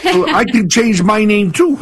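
Male priest on talk radio, reflective and earnest, slightly high voice. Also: sing-song, measured pace, slightly rough.

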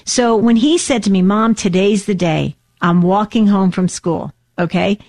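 A woman in her sixties, co-hosting a casual radio show, telling a story with animated, acted-out voices. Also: medium pitch, a little slow, dry recording. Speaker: co-host.

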